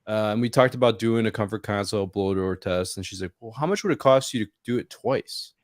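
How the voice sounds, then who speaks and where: A man's voice: lowish voice, a little fast, dry recording, clean studio sound. A man co-hosting a casual trade podcast, telling work and neighbor stories with lots of laughter. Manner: animated storyteller, laughs often. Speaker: podcast co-host, HVAC technician. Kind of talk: casual chat.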